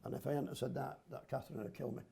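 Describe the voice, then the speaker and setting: A man's voice: mid-range voice, steady tone, rapid-fire, gravelly, warm tone. An older man, a grandfather telling rambling football stories in casual slang. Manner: rambling, homely storyteller with local slang. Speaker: podcast guest, grandfather. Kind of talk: casual chat, storytelling.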